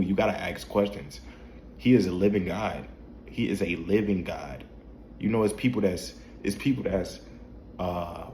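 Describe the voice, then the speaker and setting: A man's voice: low voice, roomy sound, slight background noise. A man talking casually about faith to camera at home, repeating himself and asking rhetorical questions. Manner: repetitive, preachy, with restarts and rhetorical questions. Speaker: faith vlogger. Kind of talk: casual spiritual talk to camera. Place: home at night, dim room.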